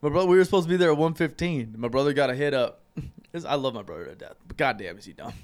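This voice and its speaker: A young man on a casual podcast, telling stories with lots of swearing and loud mimicking. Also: fast talker. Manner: animated, profane, jumps into loud high voices when quoting. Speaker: podcast co-host. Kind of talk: casual storytelling chat.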